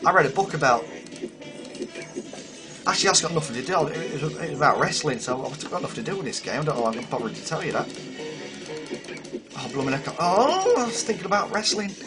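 Man, game commentary, slightly high voice, jokey and rambling, bit hoarse, game music behind. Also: expressive, fast talker, long pauses. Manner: rambling, jokey, self-mocking, exclamatory. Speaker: gaming video host.

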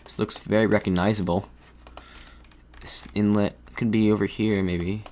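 A man's voice: on the low side, level tone, normal speed, darkish tone. Man musing aloud over a game. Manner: muses aloud, hesitant, frequent restarts. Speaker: gaming video creator. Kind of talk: thinking-aloud game commentary.

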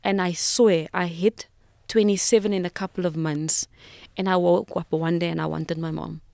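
A South African woman in her thirties with a lowish voice speaks as a podcast guest. She recounts a personal story with emotion and reflection, often restarting her sentences. The sound is dry and close to the mic. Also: fairly even intonation, moderate pace, vocal fry, a little mellow, no room sound.

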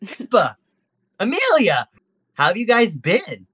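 A man's voice: high voice, measured pace, husky, dry recording, pitched above the performer's own voice, full character voice. A man voicing an eager, boastful little male white monkey who gushes and brags. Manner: gushing, excitable, bragging.

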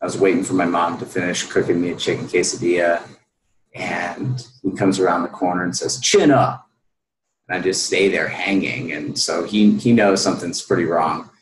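A man's voice: low-pitched, level tone, fairly quick, reverberant, a little hiss or hum, poor audio. A man telling his personal story as an interview guest, earnest and full of fillers.

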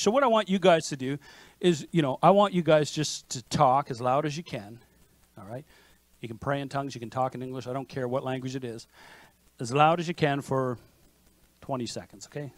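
A man preaching a sermon as pastor, in a lively conversational manner with frequent restarts. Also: medium pitch, moderate pace, long pauses, dry recording. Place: church sanctuary.

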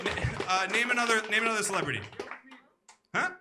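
A man's voice: high voice, fast talker, very noisy. An American man doing a stand-up set, telling a story in a loose, profane way with lots of fillers. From United States. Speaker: stand-up comedian. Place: comedy club stage.

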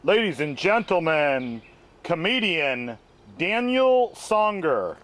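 A man doing a rambling stand-up comedy routine, repeating himself and leaning on "you know", his voice jumping higher whenever he gets excited. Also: slow. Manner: voice jumps high when excited.

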